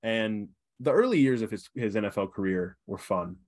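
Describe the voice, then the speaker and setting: Man, lowish voice, casual sports chat, halting and reflective. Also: expressive, a little mellow. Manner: halting, reflective, many fillers. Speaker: sports podcast co-host.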